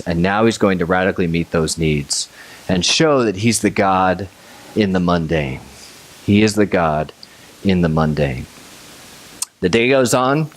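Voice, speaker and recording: A man preaching a conversational sermon, telling the story with energy and acting out scenes. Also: fairly low pitch. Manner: animated storytelling, acts out scenes, chuckles. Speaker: pastor.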